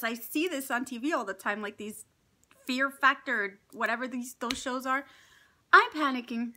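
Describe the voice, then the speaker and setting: Bright-voiced woman telling a story. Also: sits high, a little slow. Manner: animated, laughing often, acts out dialogue. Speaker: mukbang vlogger. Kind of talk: casual storytelling.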